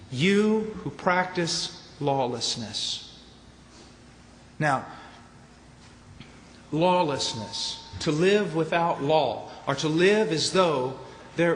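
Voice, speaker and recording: A man preaching at a conference, emphatic, ranging from low, quiet statements to shouted points. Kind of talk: conference sermon. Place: large conference hall. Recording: echoey hall with faint noise.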